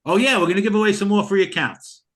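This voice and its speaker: An older man hosting a live online trading class who pitches the course in a pushy, heartfelt, repetitive way over a video call. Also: quick pace, a bit bright.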